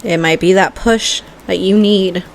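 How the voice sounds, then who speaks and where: A woman's voice: mid-range voice, measured pace, creaky, faint music behind. A woman hosting a makeup vlog, giving a heartfelt, emotional motivational talk with casual swearing. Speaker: vlogger and makeup host.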